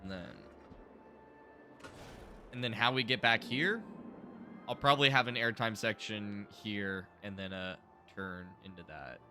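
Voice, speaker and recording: Low-voiced young man thinking aloud. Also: a little slow, long pauses, sharp tone, a little hiss or hum. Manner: thinking aloud, mumbling to himself. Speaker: streamer. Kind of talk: casual live gameplay commentary.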